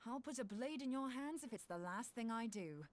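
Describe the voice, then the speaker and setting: A woman's voice: on the high side, animated, normal speed, no room sound, natural voice. A woman voicing a bold, axe-loving young woman scholar in a game, breezy and wry. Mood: eager. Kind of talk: game voice acting.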